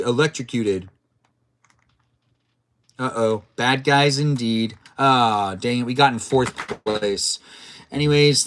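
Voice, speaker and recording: A man's voice: medium pitch, fairly bright tone. A man live-streaming a video game, chatting playfully, reacting to the play and reading out viewer messages. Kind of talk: casual gameplay live-stream chat.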